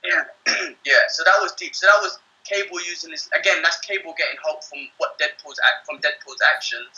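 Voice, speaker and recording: A man hosting a casual film review chat, animated and acting out lines he quotes. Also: on the high side, brisk, muffled recording. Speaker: podcast host reviewing a film.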